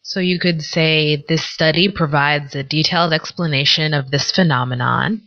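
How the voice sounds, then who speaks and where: Female co-host with a low, bright voice, steady and explanatory, dull lo-fi recording. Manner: measured, explains words with examples. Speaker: podcast co-host. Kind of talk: scripted vocabulary lesson.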